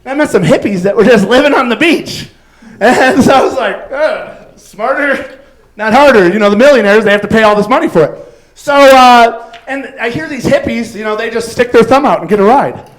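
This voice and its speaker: A man's voice: very high voice, fairly quick, rough recording. A man doing a stand-up set on a club stage, telling rambling stories full of fillers and acted-out quotes. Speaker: stand-up comedian.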